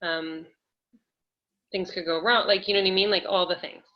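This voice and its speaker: A woman energy healer guiding a listener gently, with a coaxing, hesitant way of talking. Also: fairly low pitch, fairly even intonation, normal speed. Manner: gentle, coaxing, many fillers and laughs. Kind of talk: live energy healing session. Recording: dull lo-fi audio.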